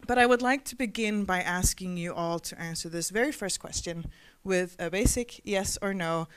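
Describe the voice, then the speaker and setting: Measured woman moderating a panel. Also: on the low side, smooth. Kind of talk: scripted introduction, then moderating.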